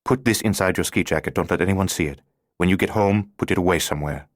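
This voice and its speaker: A man's voice: deep voice, quick pace, dry recording, clean studio sound, lightly acted. A man playing an urgent, secretive male stranger in an audiobook, giving terse instructions.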